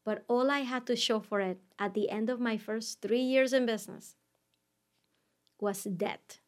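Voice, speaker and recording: A woman's voice: a little high, steady tone, measured pace. A middle-aged woman hosting her own podcast, telling a candid story that rises to emphatic points. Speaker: podcast host and business coach. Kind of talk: solo podcast monologue.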